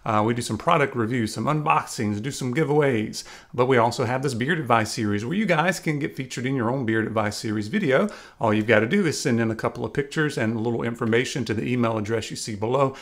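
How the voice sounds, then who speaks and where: A man's voice: mid-range voice, fast talker. Easygoing guy hosting his beard channel, chatty, lots of uhs, regular mid voice. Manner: relaxed and chatty, frequent "uh" and "kinda". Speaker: YouTube beard channel host. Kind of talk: casual video commentary.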